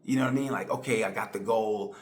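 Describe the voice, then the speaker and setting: Excitable rambling man, low voice. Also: quick pace. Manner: rambling, excitable, tongue in cheek. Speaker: motorcycle racing commentator. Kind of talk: casual monologue.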